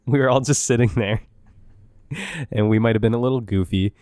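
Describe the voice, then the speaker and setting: A young man co-hosting a podcast in casual chat, tossing in wry deadpan asides and easygoing banter. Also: medium pitch, fairly quick, no echo, clean studio sound. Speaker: podcast co-host.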